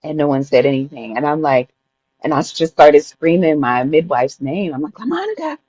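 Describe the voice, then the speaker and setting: A woman guest on a podcast, recounting a personal story in an emotional, lively, conversational way. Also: deep voice, moderate pace, dry recording, muffled recording. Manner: vivid, emotional retelling that often laughs and acts out her own past words. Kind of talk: personal storytelling in a casual interview.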